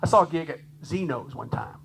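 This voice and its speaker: A man talking to a conference room about playing jazz, in an animated, chatty way that often breaks into laughter. His voice sits a bit high for a man. A faint hum runs under the recording. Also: a little fast, gravelly, low-quality recording. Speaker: jazz drummer giving a clinic talk. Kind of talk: lively conference clinic talk.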